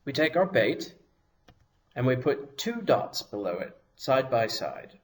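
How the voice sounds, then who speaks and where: A man gives a language lesson at an unhurried pace, walking through each sound step by step. His voice sits at an ordinary middle pitch, and he lingers over every example so the learner can follow. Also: very animated. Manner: patient, deliberate, pronounces each sound slowly. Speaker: teacher. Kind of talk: slow, careful language lesson.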